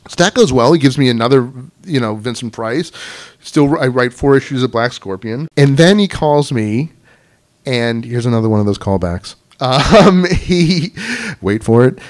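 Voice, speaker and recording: A man's voice: mid-range voice, animated, normal speed. Chatty man telling stories to a club. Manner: chatty, anecdotal, many "you know" fillers. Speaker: guest speaker at a writers club. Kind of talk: casual storytelling talk to an audience. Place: club meeting room.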